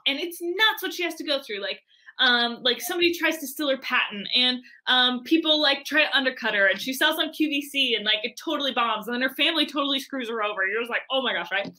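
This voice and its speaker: A woman's voice: high voice, expressive, a little fast, sharp tone. A young adult woman, a guest on an interview show, telling a story animatedly with many fillers and acted-out voices.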